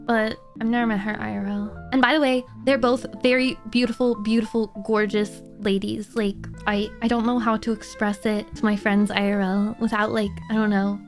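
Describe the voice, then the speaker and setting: Young woman streamer, chatty and giggly, slightly high voice over faint background music. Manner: chatty and giggly, heavy on fillers. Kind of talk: casual chat with viewers.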